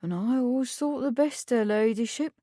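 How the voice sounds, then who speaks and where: A woman's voice: on the high side, brisk, mellow, no room sound, studio quality, voice pushed up, lightly acted. A woman voicing an older housekeeper who speaks in plain rustic dialect. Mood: gossiping. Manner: rustic dialect, matter-of-fact. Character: older housekeeper, gossipy and sympathetic.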